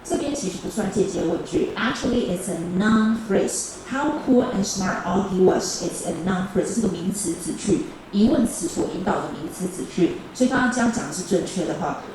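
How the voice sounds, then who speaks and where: A woman's voice: medium pitch, recorded from a distance. Echoey classroom teacher, woman. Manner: repeats key phrases and calls on teams. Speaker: high school English teacher. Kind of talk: bilingual classroom grammar lesson. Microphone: camera recording the class. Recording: echoey classroom video with background noise.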